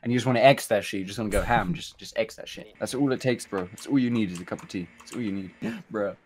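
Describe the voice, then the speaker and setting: A man's voice: lowish voice, fast, husky. A man chatting casually with a friend while gaming, swearing and laughing a lot.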